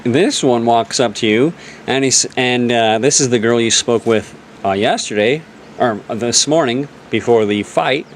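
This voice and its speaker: A young man running a tabletop game on stream as game master, narrating with lively, joking drama. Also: mid-range voice, a little slow, a little hiss or hum.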